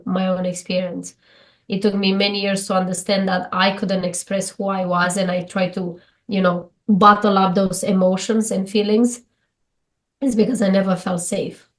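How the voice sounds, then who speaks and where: A woman from Romania, a guest in an interview, talking reflectively in English with earnest, halting sentences and frequent restarts. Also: mid-range voice. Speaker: guest speaker.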